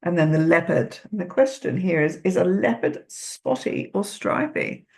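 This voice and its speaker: An older woman reading a children's picture book aloud, gently asking the listener questions. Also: on the low side, lively intonation, moderate pace, gravelly.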